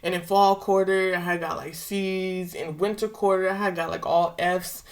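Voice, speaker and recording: A woman's voice: fairly low pitch, steady tone, normal speed. A young woman vlogger casually retelling a personal story with slang and emotion.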